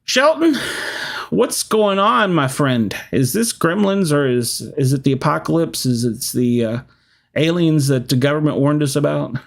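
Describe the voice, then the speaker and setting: Gravelly rambling podcast host man. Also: on the high side, lively intonation, normal speed. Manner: rambling, laughs often, lots of fillers. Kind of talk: casual live-stream chat.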